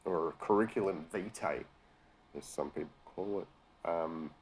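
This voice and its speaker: Australian male host, low register, profane, sarcastic, exasperated commentary. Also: measured pace, a little mellow, slightly rough. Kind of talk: profane rant reacting to news articles.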